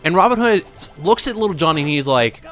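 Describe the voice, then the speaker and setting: A man's voice: on the high side, lively intonation, fast talker, fairly bright tone, soft background music. A man doing casual let's play commentary, rambling through a story with many fillers and swearing at the game now and then.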